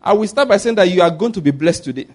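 Nigerian pastor guy preaching, kinda high voice, husky, gets animated and laughs a lot. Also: fast. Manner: animated, laughing at his own stories. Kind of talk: sermon.

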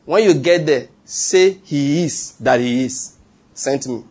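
Nigerian male preacher, husky tone, pitched a little high, storytelling sermon with laughter. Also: slow pace. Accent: Nigerian English. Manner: animated, laughs often, asks the audience questions. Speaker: pastor.

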